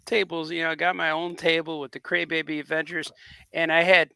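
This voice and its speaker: A man's voice: on the high side, level tone, gravelly, bright, forceful tone, smooth, dry recording. A man hosting a podcast, chatting casually and telling a story with frequent laughs. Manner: quick reactions, laughing storyteller. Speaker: podcast host, comics creator. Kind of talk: casual chat.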